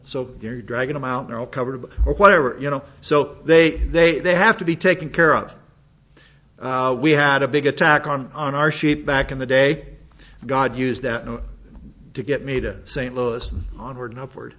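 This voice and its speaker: A man's voice: mid-range voice, a bit bright. An older man preaching a sermon as a pastor, folksy and rambling, with many restarts and asides. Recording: slightly dull lo-fi recording.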